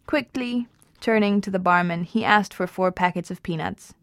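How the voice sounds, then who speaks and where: A woman reading a novel aloud at an even pace, with small slips and restarts. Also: mid-range voice, moderate pace, vocal fry, no echo, studio quality. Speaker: reader.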